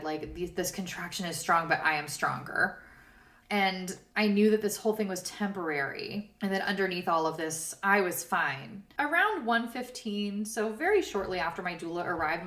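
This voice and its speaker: A young woman with a fairly low voice tells her own story as a podcast host. She speaks candidly and expressively, with blunt asides. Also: a bit bright. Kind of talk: personal storytelling.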